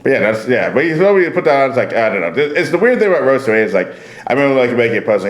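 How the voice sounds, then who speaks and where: A man's voice: mid-range voice, very animated, very fast. Laughing, rambling man in an echoey room. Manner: laughs often, crude and rambling. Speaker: podcast host. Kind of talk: casual comedic chat.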